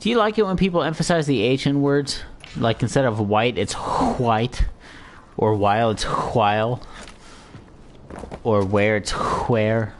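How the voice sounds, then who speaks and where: A man's voice: medium pitch, fairly quick, slight background noise. A young man giving joking let's play commentary, talking casually to his viewers. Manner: chatty, joking asides to viewers. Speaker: gaming YouTuber.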